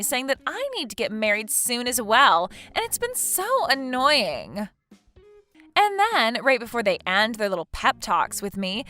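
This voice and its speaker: A woman's voice: on the high side, pushed and bright. A woman voicing a smug, scheming woman in a text message story, taunting and laughing mockingly. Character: smug scheming woman who stole her friend's husband.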